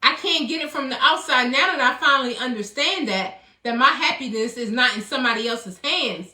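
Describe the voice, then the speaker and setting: A woman's voice: high voice, expressive, a little fast, sharp tone. A middle-aged woman, coaching viewers on a live stream in an emphatic, preachy way and thanking commenters by name. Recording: echoey room.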